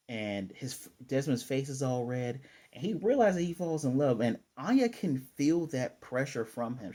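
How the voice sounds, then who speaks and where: An anime reviewer with a warm, medium-pitched voice casually recaps an episode, chatting away, correcting himself, and tossing in playful asides.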